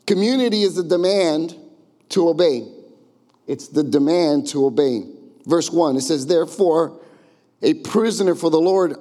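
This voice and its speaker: A man's voice: on the high side, darkish tone. Emphatic man preaching in a reverberant church. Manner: emphatic preaching, call-and-response. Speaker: pastor. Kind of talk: sermon. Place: church sanctuary. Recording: long reverb of a church hall.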